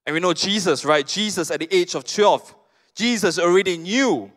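A man with a Malaysian accent preaching a sermon as pastor, telling stories with lively, casual asides. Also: sits high, moderate pace. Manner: animated storytelling with casual asides.

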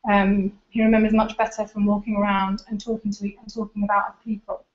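A woman's voice: mid-range voice, little pitch movement, fast talker. A woman giving an informal seminar talk, explaining and pointing at pictures as she goes, in a lecture room. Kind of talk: informal academic presentation with slides. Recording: roomy, dull lecture recording.

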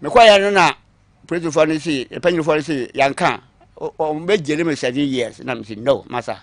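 A man recounting his own long story on a talk show, acting out what others said to him, moving between quiet asides and louder bursts. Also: fairly high pitch, brisk, no room sound. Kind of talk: call-in story telling.

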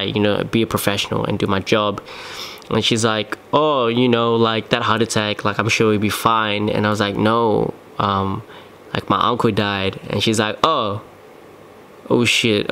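A man's voice: fairly low pitch, gravelly, a bit bright. A young man, hosting a solo podcast and telling a personal story casually, with lots of fillers and restarts. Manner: rambling, many fillers and restarts. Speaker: podcast host. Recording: faint background noise.

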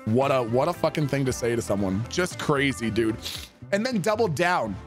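A man livestreaming and chatting casually with viewers, swearing freely and swinging between heated rants and soft, supportive asides. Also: medium pitch, lively intonation, moderate pace, soft background music. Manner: profane, emphatic, swings from ranting to soft. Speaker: livestreamer reading chat.

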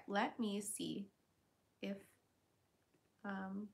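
A woman streamer chatting casually on a livestream, reading viewers' comments aloud and answering them with quick giggles. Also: mid-range voice, creaky. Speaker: streamer and voice actor.

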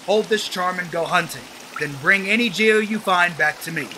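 A man's voice: high voice, normal speed, bright, forceful tone, a little hiss or hum, low-quality recording. A man voicing a greedy bug merchant who coaxes and wheedles as he sells charms. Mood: wheedling. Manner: wheedling, coaxing.

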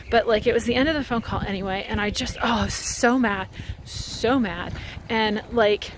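A woman's voice: mid-range voice, normal speed, a little hiss or hum. A woman walking outside while vlogging into her phone, talking in a rambling, heated, casual way with lots of fillers. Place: outdoors, walking.

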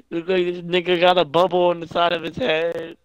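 A man's voice: sits high, a little slow, dry recording, dull audio. Crude, mocking young male streamer. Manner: loud, crude, mocking, laughs often. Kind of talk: casual live-stream commentary.

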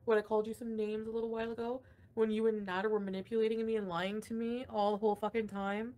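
Fast and smooth with a warm tone, this young woman's fairly high voice stays flat in delivery. She's hosting a casual livestream, reading chat comments while ranting, cursing freely and laughing a lot.

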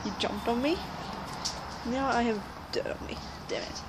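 A woman's voice: on the high side, moderate pace. A woman filming a casual vlog, greeting her animals in sing-song baby talk. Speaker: vlogger greeting her pets. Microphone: handheld camera. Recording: noisy outdoor camera audio.

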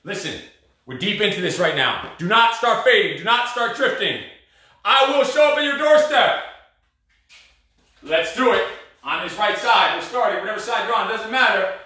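A man's voice: sits high, animated, brisk, sharp tone. A man coaching a live cardio boxing class, out of breath and barking short, blunt commands and counts. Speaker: fitness instructor. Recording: echoey room, voice far from mic.

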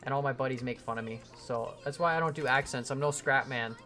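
A man's voice: mid-range voice, fast talker, pushed and bright. A man livestreaming a building game, chatting casually and answering chat questions in a rambling, self-deprecating way. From Canada. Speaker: gaming livestreamer.

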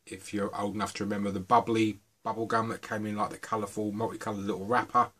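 A man's voice: lowish voice, fast. A middle-aged man from the UK, chatting casually and rambling a little as he reviews vape juices. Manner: chatty, relaxed, rambling asides.

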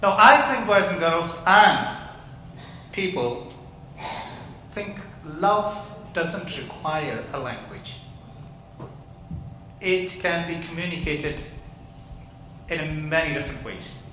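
Guy minister, slow bright voice, doing a kids talk with the congregation, big echoey church. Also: fairly high pitch, lively intonation, a little hiss or hum. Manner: interactive, questioning the congregation. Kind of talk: children's talk in church service. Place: large church hall.

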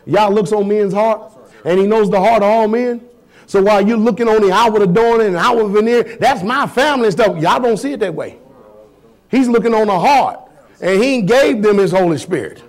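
A man's voice: sits high, brisk. A man preaching a sermon as pastor, firing blunt rhetorical questions at his congregation in a folksy, emphatic way.

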